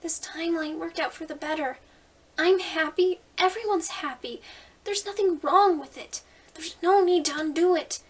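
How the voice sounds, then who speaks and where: A woman's voice: very high-pitched, moderate pace, pitched above the performer's own voice. A woman voicing a stubborn young girl, tense and insistent, on a slightly distant mic.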